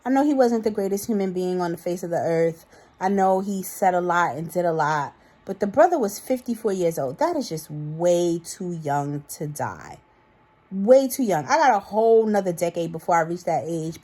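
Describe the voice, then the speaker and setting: A vlogger in her thirties with a New York accent talks straight to camera in a casual, chatty, animated way. Her voice is husky and a little low for a woman, and she speaks a little slowly. Loose and a bit tipsy, she calls her audience "y'all" while rambling through her thoughts.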